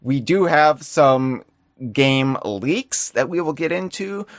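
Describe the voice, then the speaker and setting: A man's voice: fairly high pitch, expressive, dry recording, clean studio sound. Playful, rambling male podcast host. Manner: playful, rambling, quick asides. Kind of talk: casual live-stream podcast chat.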